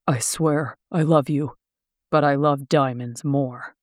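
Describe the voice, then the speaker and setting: A woman's voice: low-pitched, steady tone, takes it slowly, darkish tone, no room sound, clean studio sound. A woman voicing a handsome, cold male film rogue who speaks in curt commands.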